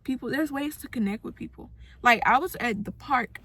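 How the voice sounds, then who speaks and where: A woman's voice: sits high, normal speed, sharp tone, husky. A young woman giving a casual, earnest motivational talk to her followers, acting out the voices of people she quotes. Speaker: self-help vlogger.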